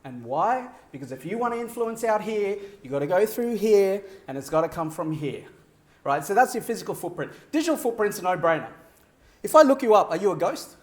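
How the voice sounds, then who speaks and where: Guy giving a keynote talk, pitch jumps all over, big echoey room. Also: brisk. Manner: animated, varies pitch and pace for effect, laughs often. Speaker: keynote speaker. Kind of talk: keynote speech. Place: large venue with audience.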